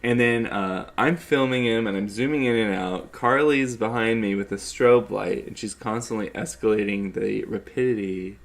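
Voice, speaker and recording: A man's voice: on the low side, moderate pace, few pauses. A man co-directing a film, talking through a casual director's commentary, rambling with many fillers and restarts.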